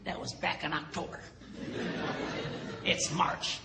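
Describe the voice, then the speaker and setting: A middle-aged man, a pastor, giving a humorous talk to an audience. He tells stories, acts out the dialogue and jumps into high squeaks. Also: little pitch movement, slow pace, gravelly. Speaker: pastor and speaker. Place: large hall with a live audience. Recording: echoey hall recording with audience noise.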